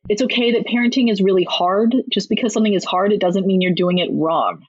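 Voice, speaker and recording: A woman with a husky, slightly breathy voice talks frankly and briskly about parenting, laughing easily as she makes her points. The sound is dry and close, with a dull, lo-fi tone. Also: medium pitch, no echo. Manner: candid, brisk and down-to-earth, with frequent laughs. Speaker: parenting author and guest. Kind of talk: conversational advice in a podcast interview.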